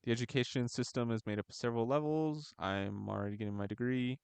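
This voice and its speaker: A man's voice: medium pitch, steady tone, fast, vocal fry, darkish tone, clear, resonant tone, no echo. Chatty joking male game streamer. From United States. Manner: chatty, joking, fumbles while reading aloud. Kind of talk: casual chat while gaming. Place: at home, gaming live. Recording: music playing faintly behind.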